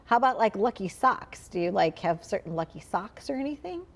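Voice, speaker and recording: A woman's voice: medium pitch, lively intonation, fairly quick, vocal fry. A woman from Saint Louis hosting a talk show, asking rambling, chatty questions full of "like" in a casual interview. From Midwest US, Saint Louis.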